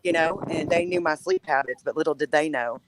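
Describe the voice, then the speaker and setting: A woman chatting casually on a panel, telling animated stories and laughing often. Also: low-pitched, a little fast, background noise. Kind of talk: casual chat.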